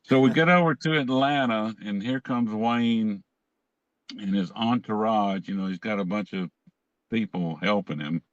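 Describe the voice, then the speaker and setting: A man's voice: on the low side, a little slow, no room sound, highs cut off. A man, telling rambling, self-amused stories as a guest in a casual chat. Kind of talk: casual storytelling.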